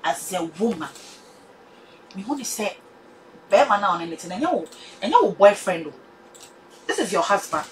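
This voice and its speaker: A woman's voice: medium pitch, animated, moderate pace, pauses often, a little hiss or hum, rough recording. A woman with a Ghanaian accent giving her opinion in a casual chat, lecturing in a mix of pidgin-tinged English and Twi.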